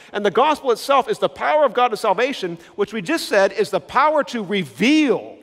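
A man preaching a sermon with a high voice that leaps all over the place. He hammers home words by repeating them and throws questions out to his listeners, and his voice rings with a long hall reverb. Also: a bit bright. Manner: emphatic, repeats key words, asks the congregation questions. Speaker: pastor.

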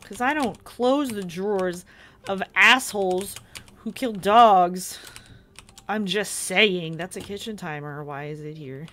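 A woman's voice: medium pitch, slow, a bit bright, a little hiss or hum. A woman giving casual, sweary gameplay commentary, chatting to her viewers and jumping at scares. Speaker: gaming video creator.

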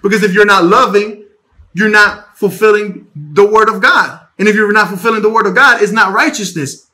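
High, bright-voiced man preaching casually. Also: normal speed. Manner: animated and repetitive, restarting words. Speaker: preacher teaching the Bible. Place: home bedroom. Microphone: phone.

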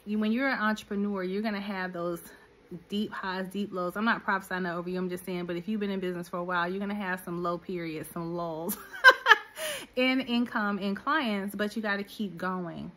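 A middle-aged woman minister and business coach preaching to her listeners in an animated, direct way. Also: mid-range voice, a little fast, a little hiss or hum. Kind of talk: sermon-style teaching.

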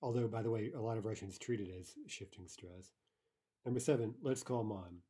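A man with a low, mellow voice and a slightly husky edge leads a grammar lesson. He explains each rule patiently and reads every example aloud more than once. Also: brisk. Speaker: language teacher.

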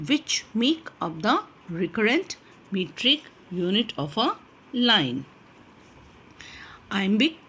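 A woman lectures on literature, taking her time and circling back to repeat key points. Her pitch rises and falls with lively movement. She fills pauses with frequent hesitations, over a faint background hum. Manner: explains slowly, repeats points, frequent "uh" fillers. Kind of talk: recorded lecture.

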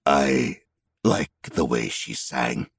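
A man's voice: rumbling low, lively intonation, slightly rough, dry recording, studio quality, full character voice. A man putting on a growling scrawny goblin. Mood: wistful. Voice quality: growling, rustic folksy speech. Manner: snappish, then slow and brooding. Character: scrawny humpbacked male goblin, irritable and stubborn.

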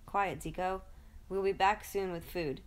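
A woman's voice: lowish voice, fairly even intonation, unhurried, close to an everyday voice. A woman voicing a stern, powerful male lion leading his pride in a storybook, in a commanding way.

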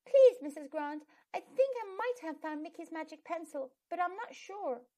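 A woman's voice: extremely high pitch, lively intonation, moderate pace, warm tone, pitched above the performer's own voice. Woman doing Pip, a polite little girl. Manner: polite, unsure child voice. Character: polite, careful young schoolgirl.

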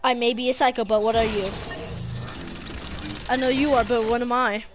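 A young woman playing a video game with a friend, yelling, swearing and joking. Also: a little high, steady tone, moderate pace, music in the background. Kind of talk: casual gaming chat.

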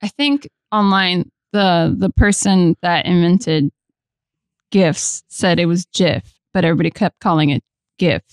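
A woman's voice: fairly low pitch, measured pace, clean tone, dry recording, studio quality. A woman guest on a podcast, chatting casually in a bubbly, playful way and laughing often. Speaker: guest artist.

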